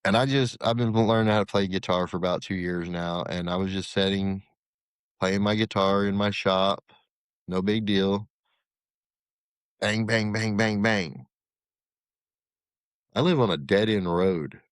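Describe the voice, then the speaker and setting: Low-voiced man telling a story. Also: unhurried, pauses often, smooth, no room sound, clean studio sound. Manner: animated, acts out quoted dialogue. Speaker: podcast guest, former corrections captain. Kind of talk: casual storytelling.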